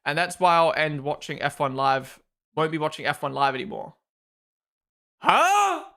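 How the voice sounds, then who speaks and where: Kiwi guy in his 20s on a livestream, bit gravelly and a touch high, reading out chat and riffing back. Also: fairly even intonation, fairly quick, a bit bright. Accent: New Zealand. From New Zealand. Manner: chatty, reads viewer comments aloud and answers them. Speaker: livestream host. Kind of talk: casual live-stream chat.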